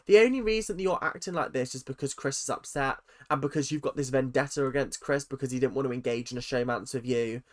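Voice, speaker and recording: A man's voice: mid-range voice, fast, few pauses. A young British man chatting sassily and animatedly to his viewers in a casual reality-TV commentary rant. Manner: chatty, sassy, animated, talks straight to viewers.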